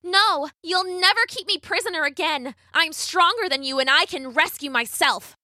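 A woman's voice: very high-pitched, normal speed, bright, forceful tone, no room sound, studio quality, pitched above the performer's own voice, full character voice. A woman voicing a determined young heroine. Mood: defiant. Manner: firm and defiant. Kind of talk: storybook reading.

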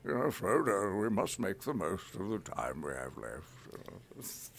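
Male voice actor as an aged, imposing wizard who speaks slowly and sternly. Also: big pitch swings, vocal fry, fairly bright tone, slight background noise, full character voice. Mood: commanding. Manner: booming then grave and slow. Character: ancient commanding male wizard.

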